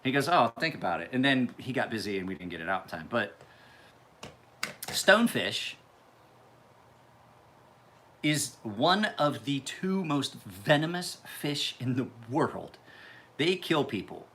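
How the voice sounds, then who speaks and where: A man's voice: mid-range voice, sing-song, slow pace, pauses often, bright, forceful tone. A man hosting a casual live stream, rambling, laughing often and swearing freely.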